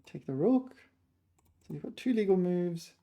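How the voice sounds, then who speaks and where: Woman, chess player, thinking aloud, slightly hoarse, short muttered fragments, unhurried. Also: fairly low pitch, expressive, warm tone. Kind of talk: thinking aloud while solving chess puzzles.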